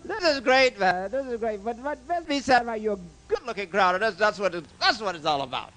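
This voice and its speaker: Very high-voiced, lively male stand-up comic. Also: brisk. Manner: brash one-liners, teasing the audience. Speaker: stand-up comedian. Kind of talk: stand-up comedy with crowd work. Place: comedy club stage with a live audience.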